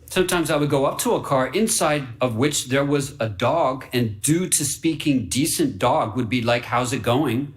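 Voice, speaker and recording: A man reading a fable aloud for radio in an earnest, wide-eyed way, dropping to hushed whispers and rising into excited bursts. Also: mid-range voice, moderate pace, few pauses. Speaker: story reader.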